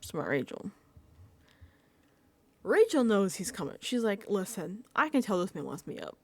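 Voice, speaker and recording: A young woman talks through a reality show recap in a sassy, gossipy tone. Her pitch swings widely as she acts out what the contestants said. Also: very animated, unhurried, slightly rough. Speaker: recap vlogger.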